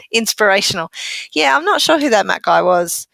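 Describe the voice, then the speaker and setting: A woman's voice: mid-range voice, sing-song, moderate pace, gravelly, fairly bright tone, dry recording. A woman co-hosting a podcast, chatting casually, teasing her co-host and laughing often. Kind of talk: casual chat.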